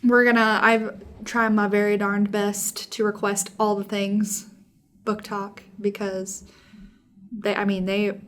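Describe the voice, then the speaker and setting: A woman's voice: mid-range voice, level tone, takes it slowly, fairly bright tone, slight background noise. Giggly, chatty young woman podcaster. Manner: chatty, giggly, heavy use of "like". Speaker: podcast co-host, librarian. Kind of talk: casual book chat.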